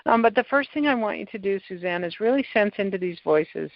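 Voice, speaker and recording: A woman hosting a podcast, calmly guiding a client through a tapping session step by step. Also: medium pitch, brisk, gravelly, no room sound. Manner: calm, coaching, gives step-by-step prompts. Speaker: tapping practitioner and podcast host. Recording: dull, lo-fi sound.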